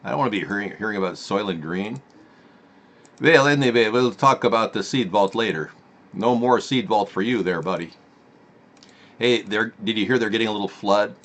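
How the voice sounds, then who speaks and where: Guy rambling sarcastically on his live political stream, kinda low voice. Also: moderate pace, fairly bright tone. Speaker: host.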